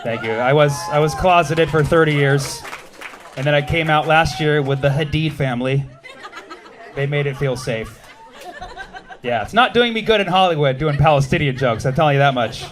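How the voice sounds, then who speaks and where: Male stand-up comic, fairly high voice, sardonic, quick crowd work, club stage. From United States. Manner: quick, sardonic, jumping between bits and audience banter. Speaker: stand-up comedian.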